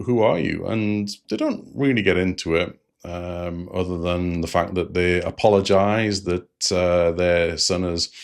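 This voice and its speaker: Man, deep voice, casual recap, chatty with restarts and fillers. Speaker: podcast host reviewing an episode.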